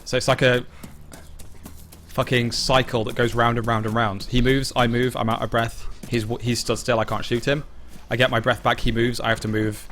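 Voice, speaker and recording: A man's voice: medium pitch, flat delivery, normal speed, a bit bright, a little hiss or hum. A man streaming a game live, explaining mechanics bluntly and swearing casually as he plays. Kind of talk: live gameplay commentary.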